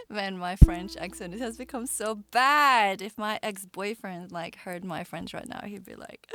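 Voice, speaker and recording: A woman singer-songwriter chatting casually between songs on a live stream, rambling and self-deprecating, with halting restarts. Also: mid-range voice, sing-song, sharp tone, no room sound.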